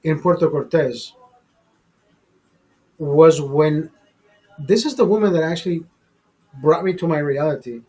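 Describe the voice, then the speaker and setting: A man's voice: on the high side, a little slow, long pauses, darkish tone, breathy edge, faint music behind, low-quality recording. A man hosting a live stream, telling a personal story in a rambling, profane way full of fillers and restarts. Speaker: show host telling a story. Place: studio.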